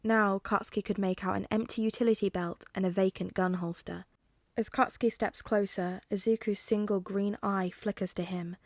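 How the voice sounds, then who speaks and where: A woman narrating a fan fiction audiobook in a steady, measured storytelling voice. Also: mid-range voice, no room sound, studio quality. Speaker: podfic reader.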